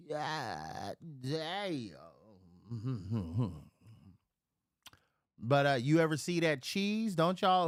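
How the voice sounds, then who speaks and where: A man on a casual livestream, drinking while he chats. He rants in profane, rambling bursts, swinging from loud outbursts to low mutters, speaking from home. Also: no echo, clean studio sound. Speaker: live streamer. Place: at home near a refrigerator.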